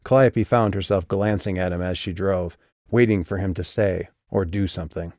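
A man reading an audiobook in scripted narration, measured and even. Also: deep voice, no echo, studio quality.

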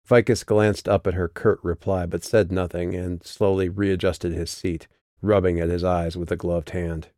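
A man narrating his own novel as a steady, measured audiobook reading. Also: low voice, dry recording, studio quality.

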